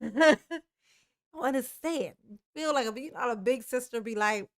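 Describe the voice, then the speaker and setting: A woman who hosts a YouTube channel signs off a casual livestream in a fairly high voice at a moderate pace. She drawls affectionately, calls herself Mama, and laughs often.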